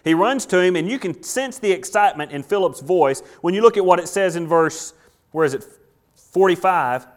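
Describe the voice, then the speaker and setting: A male pastor, preaching a sermon and acting out quotes with lively shifts in delivery. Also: high-pitched, moderate pace. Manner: animated preaching with acted-out quotes.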